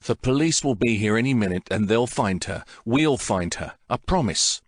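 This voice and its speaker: A man's voice: lowish voice, animated, moderate pace, no echo, studio quality. A man voicing a loyal young friend in an audiobook, speaking in an earnest, reassuring way.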